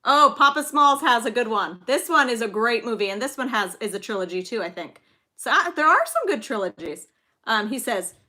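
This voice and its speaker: A woman's voice: on the high side, animated, normal speed, bright, forceful tone. A woman in her thirties hosting a casual live-stream trivia game, chatty and giggly, telling little stories between questions. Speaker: livestream trivia host and mother.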